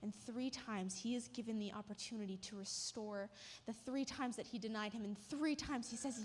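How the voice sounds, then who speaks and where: A woman's voice: fairly high pitch, normal speed. A woman giving a sermon, retelling a story vividly with emotional emphasis. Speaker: church speaker. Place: church. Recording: long hall reverb.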